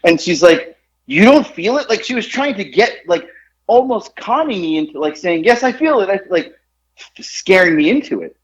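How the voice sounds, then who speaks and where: A man talks through a story with a lively, swooping voice that sits a little high for a man. He rambles, piles on fillers and keeps laughing at his own tale. The sound is dull and lo-fi. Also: normal speed. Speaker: podcast co-host telling a story. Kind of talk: casual storytelling chat.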